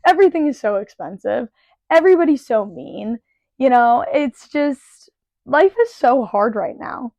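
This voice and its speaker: A woman's voice: fairly high pitch, expressive, unhurried, creaky, darkish tone, no room sound. A woman hosting her own show, ranting casually and profanely in an exasperated tone and laughing often. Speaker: podcast host and bartender. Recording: dry, slightly dull lo-fi recording.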